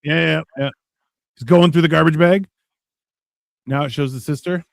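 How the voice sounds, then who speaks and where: Higher-voiced man, joking movie chat. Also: steady tone, normal speed, vocal fry, no room sound. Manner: joking and profane, with mocking voices for characters. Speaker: co-host watching a movie. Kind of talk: casual movie watch-along chat. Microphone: live stream microphone.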